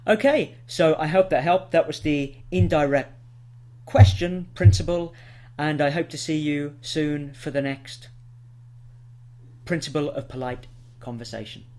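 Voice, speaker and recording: A man with an English accent teaching an online English lesson, clearly explaining and modelling example sentences. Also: on the high side, a little slow, darkish tone. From England.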